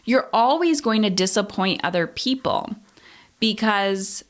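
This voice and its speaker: A woman's voice: mid-range voice, lively intonation, measured pace. A woman in her thirties hosting a solo podcast, talking through her feelings in a candid, introspective way and swearing casually. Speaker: podcast host. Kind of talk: reflective solo podcast talk.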